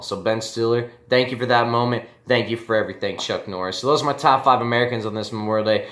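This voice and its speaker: A man's voice: fairly low pitch, quick pace, hardly any pauses, fairly bright tone, reverberant. A man hosting a casual fantasy baseball league recap, brash and joking, talking straight to his league mates and swearing freely. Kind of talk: casual solo commentary.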